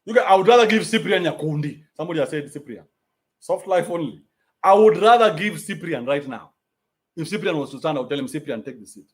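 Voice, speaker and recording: A man's voice: on the high side, expressive, quick pace. A young adult man with a Kenyan accent, ranting bluntly in a profane, mocking livestream. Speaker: commentator. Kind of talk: livestream rant.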